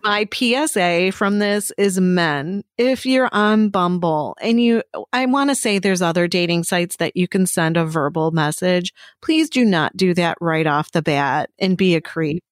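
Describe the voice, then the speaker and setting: A woman's voice: on the low side, unhurried, few pauses, no room sound. Chatty woman swearing freely, dry studio sound. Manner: animated storytelling, swears freely. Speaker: podcast co-host. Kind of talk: casual chat. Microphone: studio microphone.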